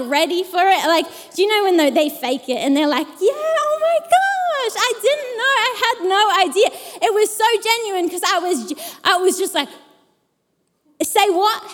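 A woman preacher giving a sermon, telling a personal story in an animated way and acting out the people in it. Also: extremely high pitch, long reverb tail. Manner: animated, acts out the people in her stories.

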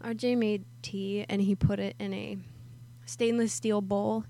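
Mellow-voiced female co-host. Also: mid-range voice, level tone, measured pace, creaky. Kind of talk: casual live-stream chat.

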